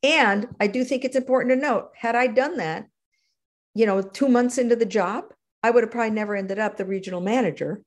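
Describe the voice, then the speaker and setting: A middle-aged woman recounts her working life as an interview guest. Her delivery is animated and conversational, and she jumps her pitch sharply upward when she reenacts moments. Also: fairly quick. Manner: animated, acts out quotes with big pitch jumps. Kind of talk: conversational storytelling.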